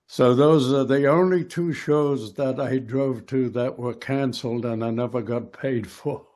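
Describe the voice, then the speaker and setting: A man's voice: mid-range voice, steady tone, a little slow, darkish tone. An older man, a retired wrestler, telling road stories as an interview guest, rambling with many fillers. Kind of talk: casual storytelling interview.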